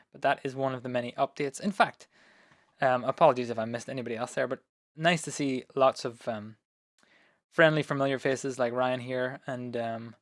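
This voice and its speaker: A man hosts a live stream from his home studio, talking loosely and filling the gaps with ums and uhs. His voice is of middling pitch and sounds a little hoarse, picked up close and dry. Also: dry recording. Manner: relaxed, rambling, many fillers. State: voice going hoarse. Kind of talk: casual live stream chat.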